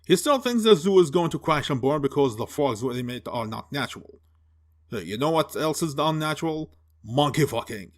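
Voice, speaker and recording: Lively, ranting man mocking a movie. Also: on the high side, normal speed. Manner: mocking, profane, exasperated. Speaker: movie reviewer. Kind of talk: sarcastic film review rant.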